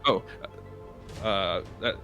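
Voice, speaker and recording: A man's voice: deep voice, very slow, sharp tone, soft background music. A man chatting casually on a game developer stream, cracking jokes between tests. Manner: jokey, tells bar jokes with slurred put-on voices. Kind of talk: casual chat telling jokes.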